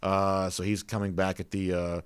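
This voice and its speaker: A man's voice: deep voice, little pitch movement, normal speed, clean tone, no echo, studio quality. A man hosting a casual sports talk show, chatting loosely with plenty of "you know" fillers and reading out viewer comments.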